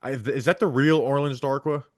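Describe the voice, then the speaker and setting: A man hosting a podcast, reading supporter names aloud in quick succession and stumbling over the hard ones. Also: medium pitch, steady tone, no echo, studio quality. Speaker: podcast host.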